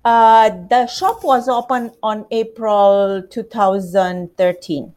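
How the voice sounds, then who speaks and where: Slow-speaking Romanian-accented woman. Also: a little high, a little mellow. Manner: non-native phrasing, many hesitations. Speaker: macaron shop owner. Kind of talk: interview answers.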